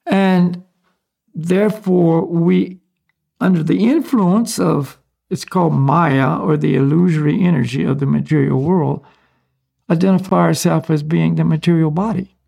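An American man who works as a spiritual teacher explains ideas in a relaxed, casual, conversational way, letting out small chuckles. His voice sits on the high side and is slightly rough with vocal fry, and he takes his time.

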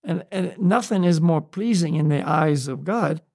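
A man in an unscripted spiritual discussion, talking slowly and searchingly with many restarts and "you know"s. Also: on the high side, vocal fry, darkish tone, no echo, studio quality. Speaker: podcast co-host on spiritual topics.

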